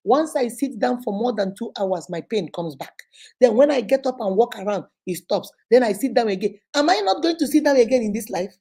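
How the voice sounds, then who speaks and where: A middle-aged Nigerian woman, a teacher and host, giving an animated, preachy motivational talk sprinkled with Igbo phrases. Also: on the high side, brisk, slightly rough.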